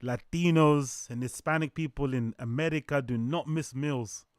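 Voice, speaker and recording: A man hosts a reaction stream, joking casually as he reacts to videos, swearing often and repeating phrases. He speaks at medium pitch and moderate pace, in clean studio sound with no room sound.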